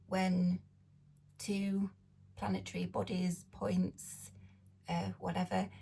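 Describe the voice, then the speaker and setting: A woman reads tarot in a slow, unhurried way, her voice rough and husky and a little croaky today, with gravelly fry at the ends of her phrases. She often slips into a near-whisper and stops to check in with her listeners. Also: mid-range voice, steady tone, a little mellow. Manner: unhurried, explains with fillers and checks in. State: slightly croaky voice. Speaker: tarot reader. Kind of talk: slow, soft-spoken tarot reading.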